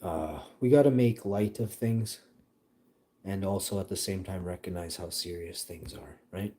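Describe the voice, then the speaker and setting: With a deep voice and measured pace, a man from Canada rambles through stories to his live-stream audience. The casual, chatty storytelling gets loud and breaks into laughter.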